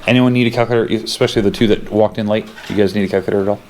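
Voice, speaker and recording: A man's voice: fairly low pitch, steady tone, rapid-fire, background noise. A young male teacher giving a casual math lesson in a classroom, thinking aloud as he works through problems.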